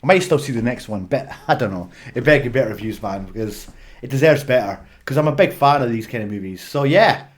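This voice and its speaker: A man's voice: medium pitch, expressive, fast. Swearing Scottish man ranting about films. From Scotland. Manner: blunt, swearing, exasperated ranting. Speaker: movie reviewer. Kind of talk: ranting film review vlog.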